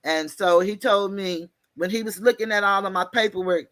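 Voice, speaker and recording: A woman telling a story in an animated, folksy way, mixing slang and cussing. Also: medium pitch, moderate pace, dry recording. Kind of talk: casual storytelling.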